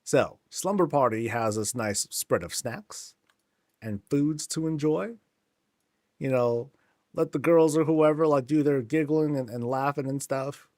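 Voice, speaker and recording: A man's voice: medium pitch, unhurried, a little mellow, no echo. Chatty male game streamer, dry sound. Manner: chatty and rambling, with many fillers. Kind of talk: casual game commentary.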